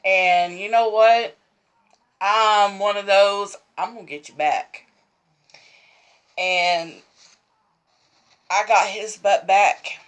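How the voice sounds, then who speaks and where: Speaking very slowly with long pauses, this Texan sewing vlogger has a smooth, medium-pitched voice. She laughs throughout as she wanders through a casual, repetitive story.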